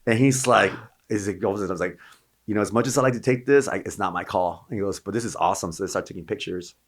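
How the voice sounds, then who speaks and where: A middle-aged Marine veteran tells long anecdotes in a casual, rambling way, restarting himself many times. His voice is on the low side and he talks fast.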